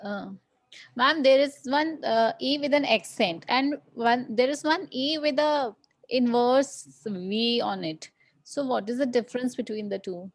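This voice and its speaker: A woman's voice: a little high, a little slow, no echo. A woman student asking questions in an online class, hesitant and polite with many fillers.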